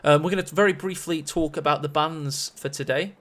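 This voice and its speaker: A man's voice: a little high, brisk, a bit bright. A man casting a strategy-game match on a live stream, chatty and rambling with self-mocking asides. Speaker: esports caster.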